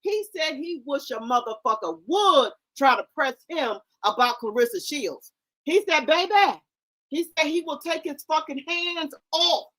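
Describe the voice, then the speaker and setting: Woman gossip host, high and very animated, profane and theatrical, AAVE speech. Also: measured pace, poor audio. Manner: animated, profane, dramatic retelling. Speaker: commentary channel host. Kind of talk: casual gossip commentary.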